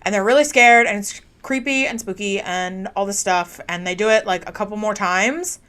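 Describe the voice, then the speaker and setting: A woman's voice: mid-range voice, normal speed, a bit bright, clear, resonant tone. A woman co-hosting a podcast, retelling a true crime story in a chatty way, with lots of "like". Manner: chatty storytelling, heavy use of "like". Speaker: podcast co-host.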